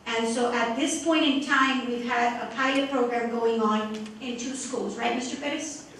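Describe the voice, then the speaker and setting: Woman speaking slowly in an echoey hall. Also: on the high side, steady tone, fairly bright tone, a little hiss or hum. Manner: deliberate, with some halting restarts. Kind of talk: meeting remarks. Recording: very echoey room audio from far off.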